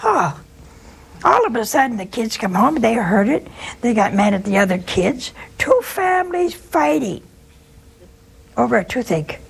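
A woman's voice: medium pitch, gravelly, slight background noise. Woman hosting a faith call-in show. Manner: folksy, anecdotal, conversational preaching. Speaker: religious call-in show host. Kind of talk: spiritual talk and storytelling.

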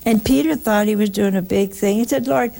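A woman's voice: mid-range voice, brisk, vocal fry, mellow. A woman giving a folksy, conversational sermon on a broadcast, telling stories and asking her listeners questions. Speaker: religious speaker on a broadcast. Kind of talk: spoken sermon with anecdotes.

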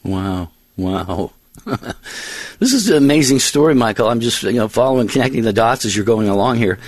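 A male radio host sums up his guest's story in an affirming, reflective way, with plenty of fillers. His voice sits at a middle pitch and sounds dry and close. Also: lively intonation, moderate pace, no echo. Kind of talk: radio interview.

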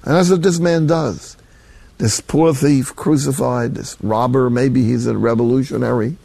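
A man's voice: mid-range voice, fairly even intonation, unhurried, vocal fry, dark tone, dry recording. An older man, a Catholic priest, preaching a sermon in a folksy, emphatic way with colloquial asides.

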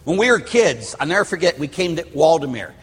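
A middle-aged Catholic priest from Pittsburgh gives a sermon, rambling through personal stories full of restarts and asides. His male voice is fairly high and husky, fairly quick, with big pitch swings, and the hall adds reverb.

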